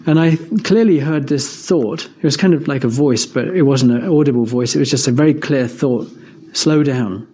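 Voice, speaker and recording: An Englishman gives an informal talk on evidence for God, sharing personal stories in a thoughtful, conversational manner full of fillers. His medium-pitched voice moves fairly quickly with few pauses, and its dark tone carries a breathy edge.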